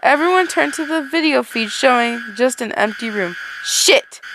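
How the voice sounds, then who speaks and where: A woman's voice: sits high, lively intonation, moderate pace, background noise. A young woman who hosts a channel, reading a fan story aloud and then chatting casually, with fillers and light laughs.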